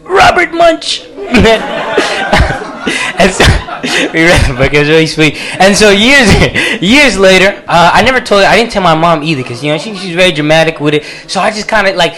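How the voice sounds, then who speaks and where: A man's voice: high voice, animated, quick pace, bright, forceful tone. A man telling a comic story live on a small cafe stage into a handheld mic, in a loose, chatty way, laughing through it. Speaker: comedian.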